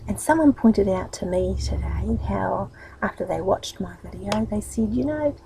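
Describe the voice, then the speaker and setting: A woman's voice: mid-range voice, steady tone, moderate pace, gravelly, crowd noise, poor audio. A woman with a New Zealand accent talking in a chatty, rambling, upbeat way in a casual motivational vlog. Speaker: vlogger.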